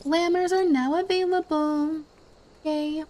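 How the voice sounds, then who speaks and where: A woman's voice: sits high, fairly even intonation, slow, darkish tone. Giggly woman streamer chatting through a game. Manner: giggly, stumbles over words. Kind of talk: casual gameplay commentary, reading dialogue aloud.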